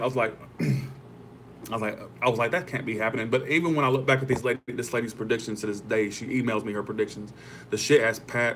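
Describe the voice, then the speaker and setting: A man's voice: lowish voice, fairly bright tone, slight background noise. A young man hosting a tarot livestream, chatting casually with viewers, rambling and swearing freely.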